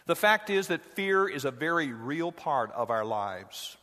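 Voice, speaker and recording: A man preaching a sermon as pastor in a church, measured and earnest. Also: fairly high pitch, sing-song, pushed and bright. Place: church sanctuary. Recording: echoey hall.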